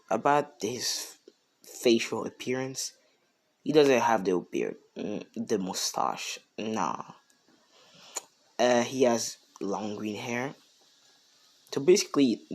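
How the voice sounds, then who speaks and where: A man improvising a fan story narration, slow and hesitant, full of ums and you-knows. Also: medium pitch. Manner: slow, hesitant, lots of fillers.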